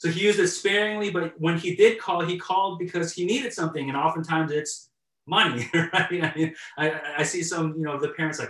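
A man's voice: a little high, a little fast, roomy sound, recorded from a distance, low-quality recording. A male pastor giving a sermon, telling a story in a conversational, chuckling way with frequent restarts. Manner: conversational, warm storytelling with chuckles and repeated starts.

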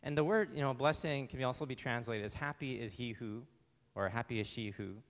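A male pastor with a mid-range voice delivers a brisk, conversational sermon, asking the congregation rhetorical questions. A long reverb tail trails his words.

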